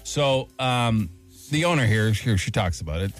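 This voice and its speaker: A male radio host telling stories in casual banter, laughing often and jumping into a high register for emphasis. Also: lively intonation, normal speed, soft background music. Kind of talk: casual morning show banter.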